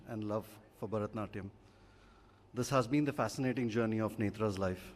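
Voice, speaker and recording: A man, a father giving a measured, heartfelt prepared speech at a stage event. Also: mid-range voice, darkish tone. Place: large auditorium. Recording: long reverb of a live auditorium.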